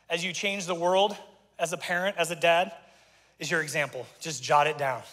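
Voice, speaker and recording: An excitable male pastor preaching in a high, bright voice, folksy and a bit out of breath. He stumbles and doubles back on his words as he goes. The sound carries a long reverb from a church sanctuary. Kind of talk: energetic sermon.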